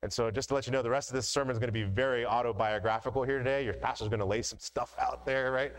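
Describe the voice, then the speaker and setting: A man's voice: medium pitch, fairly even intonation, fast talker, low-quality recording. Conversational middle-aged male pastor. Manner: conversational, storytelling, frequent "right?" asides. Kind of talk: sermon.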